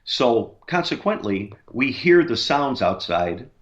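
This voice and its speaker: A man's voice: mid-range voice, very animated, slow, lo-fi sound. A man, a paranormal investigator, tells a long story in a rambling way, with many fillers and restarts. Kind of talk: casual storytelling on a radio interview.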